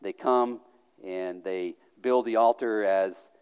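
A man's voice: on the low side, takes it slowly, clear, resonant tone, lo-fi sound. A man preaching a sermon as pastor, emphatic, with sarcastic put-on voices and frequent restarts. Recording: long hall reverb.

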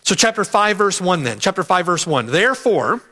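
A man's voice: sits high, big pitch swings, moderate pace, pushed and bright. A man preaching an expository sermon, emphatic, repeating key phrases and checking in with "right?".

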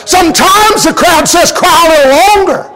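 A man preaching a fervent sermon, often shouting, with frequent amens and laughs. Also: very high-pitched, normal speed.

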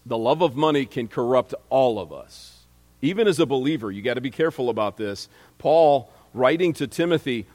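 A man's voice: medium pitch, big-room sound. A man preaching a sermon in a conversational way, reading scripture aloud and often restarting his sentences.

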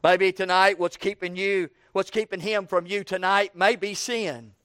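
High-voiced preacher, smooth and dry. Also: male voice, level tone, unhurried, no echo. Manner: folksy preaching, repeats "tonight", rising to shouted rhetorical questions. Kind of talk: evening sermon.

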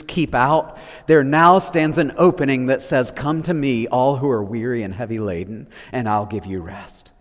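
A man preaching a sermon, swinging from loud declarations to hushed, low lines. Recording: long reverb of a large hall.

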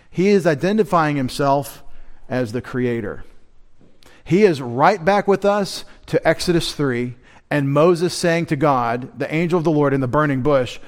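A man, a pastor, giving a midweek sermon in church, teaching in a lecturing way and rising in pitch and volume to stress key words, with wry asides to the congregation.

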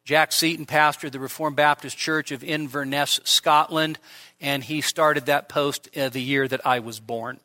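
A man's voice: fairly high pitch, steady tone, a little slow, sharp tone, faint music behind. A middle-aged man preaching an expository sermon in a church, earnest and emphatic, repeating phrases for stress. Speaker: pastor.

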